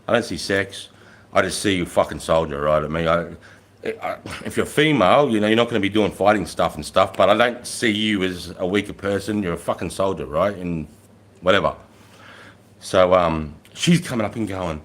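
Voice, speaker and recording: A middle-aged man with a somewhat low voice hosts his own livestream, telling army stories in a blunt, swearing-heavy way. He gets much louder and higher when he acts out what he told his soldiers. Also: normal speed. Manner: blunt and heavily profane, rising loud when quoting himself. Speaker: livestream host, former army sergeant. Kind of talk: casual storytelling livestream.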